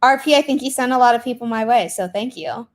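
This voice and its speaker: Speaking fast in a slightly high voice, a young woman runs a casual writing sprint livestream. She greets her viewers and chats with lots of fillers.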